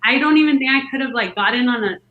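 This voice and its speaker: Recounting her birth story on a podcast, a woman rambles at a quick pace, fills her speech with "like" and performs other people's lines. Her voice is slightly high, the room echoes, and the audio has a phone-like quality.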